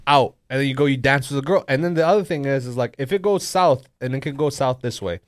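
A young man with a mid-pitched voice trades profane, teasing banter as a talk show host, laughing often. The recording is close and dry, with no room sound around him. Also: quick pace, dry recording. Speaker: podcast host. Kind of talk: casual banter.

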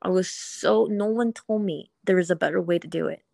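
A woman's voice: fairly low pitch, fairly quick, gravelly, a little mellow, dry recording, studio quality. A woman and mother in casual podcast chat, talking candidly and emphatically and swearing freely.

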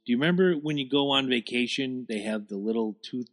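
A man co-hosting a podcast in casual, profane chat, prone to loud rants. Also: medium pitch, a little fast. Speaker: podcast co-host.

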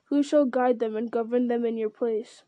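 A woman's voice: on the high side, fairly even intonation, normal speed, dry recording, narrow, tinny audio, natural voice. A woman reading aloud as a stern old male wizard who rebukes sharply. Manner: piercing, rebuking.

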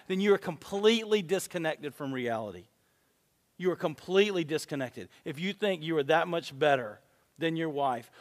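A man preaching a sermon, telling stories and acting out the dialogue with lively emphasis. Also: on the high side. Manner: animated storytelling with acted-out dialogue. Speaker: pastor. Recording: long reverb of a large hall.

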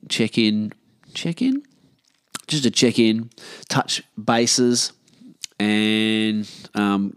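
A man's voice: on the low side, dry recording, clean studio sound. An Australian man in his thirties, rambling and swearing freely as he hosts a casual solo podcast from his living room. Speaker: podcast host.

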